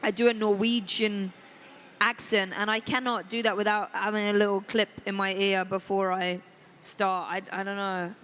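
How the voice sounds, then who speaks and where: A woman's voice: medium pitch, little pitch movement, normal speed, a bit bright. Casual woman on a panel, faint hum. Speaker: voice and motion capture actress. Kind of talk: convention panel talk. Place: convention panel stage.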